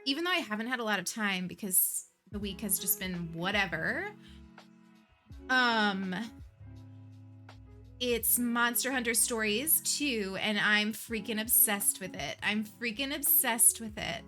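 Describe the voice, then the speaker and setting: A woman hosting a livestream, chatting casually and warmly with her viewers, emotional and laughing often. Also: mid-range voice, lively intonation, a little slow, soft background music. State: emotional, near tears. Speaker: livestream host.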